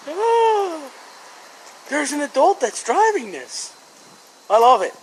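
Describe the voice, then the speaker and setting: Animated Philly guy rambling in his truck. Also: extremely high pitch, very slow, slight background noise, low-quality recording. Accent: Philadelphia. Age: 40s. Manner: joking, rambling, self-mocking. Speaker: vlogger, scrap-metal worker. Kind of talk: casual vlog monologue.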